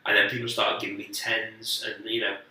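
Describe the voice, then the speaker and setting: A man tells loose, profane anecdotes and laughs at himself as a podcast guest. His tone is piercingly bright. He sounds a little distant from the microphone in a strongly echoing room. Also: fairly low pitch, flat delivery. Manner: rambling, sweary anecdotes with quick self-mocking asides. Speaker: guest comedian. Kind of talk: casual podcast storytelling. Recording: echoey room, speaker distant from the mic.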